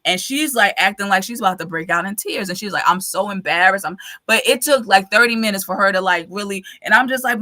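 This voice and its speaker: A woman in her thirties hosting a podcast, telling a story in a lively way and acting out the voices she quotes. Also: mid-range voice, brisk, few pauses. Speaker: podcast host. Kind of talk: casual chat.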